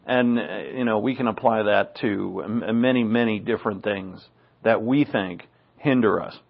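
A man's voice: fairly low pitch, moderate pace, creaky. A man preaching a sermon in an earnest, conversational way, often saying "you know". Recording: dull, lo-fi recording.

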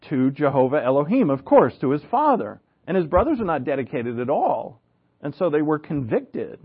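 A man's voice: a little high, slightly rough, dull audio. A man preaching a sermon in an earnest, conversational way, with asides and rhetorical questions. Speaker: pastor.

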